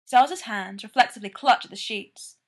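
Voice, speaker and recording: A woman reading a story aloud, narrating in a slow, measured way. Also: a little high. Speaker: reader of fan fiction.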